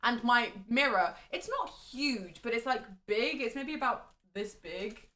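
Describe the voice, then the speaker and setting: A woman's voice: fairly high pitch, animated, unhurried, a bit bright. A woman co-hosting a drinking stream, telling chatty, dramatic stories. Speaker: co-host. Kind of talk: casual chat on a drinking stream. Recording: roomy echo.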